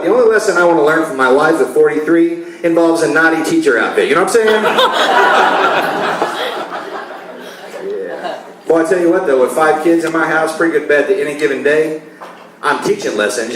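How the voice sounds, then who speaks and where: A man's voice: a little high, a bit bright, slight background noise. A man in his forties doing a loose, conversational stand-up routine and laughing at his own jokes. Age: 40s. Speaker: stand-up comedian. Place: comedy club stage. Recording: echoey live club from far off. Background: audience laughter.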